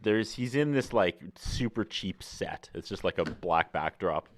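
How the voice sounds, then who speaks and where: A man's voice: low-pitched, lively intonation, unhurried. A man co-hosting a podcast in casual chat, rambling with many filler words. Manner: rambling, full of filler likes. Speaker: podcast co-host.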